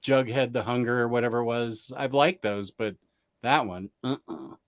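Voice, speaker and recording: A man chats loosely as the host of a livestream, reading viewer comments aloud and tossing in self-mocking jokes. His voice sits at an ordinary middle pitch, and the sound is dry with no room echo. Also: normal speed. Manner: rambling and self-mocking, laughs mid-sentence. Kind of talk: casual chat.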